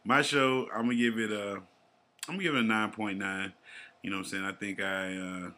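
A man's voice: fairly low pitch, steady tone, fairly quick, pushed and bright. A man with a Southern US accent co-hosting a podcast in a casual, laid-back, profane way. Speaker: podcast co-host.

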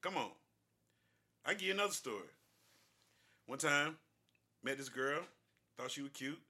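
Bright-voiced man telling profane stories. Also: medium pitch, normal speed. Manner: profane, animated, acts out other people in quoted voices. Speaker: podcast co-host. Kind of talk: casual banter and storytelling.

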